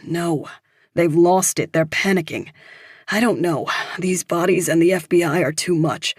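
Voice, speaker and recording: A woman's voice: deep voice, steady tone, measured pace, husky, no echo, clean studio sound, heavily acted. Woman reading a scared, wounded man. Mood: anxious.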